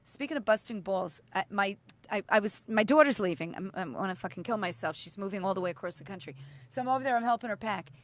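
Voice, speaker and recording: A woman's voice: mid-range voice, lively intonation, fast, no echo. A middle-aged woman, co-hosting a casual podcast chat and telling stories, acting out quotes and swearing freely. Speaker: podcast co-host.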